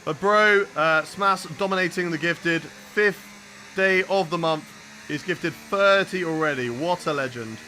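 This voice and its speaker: Young man, high bright voice, live gameplay commentary, chatty with viewers, faint engine hum. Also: a little slow. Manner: chatty, talks to chat while racing. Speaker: streamer.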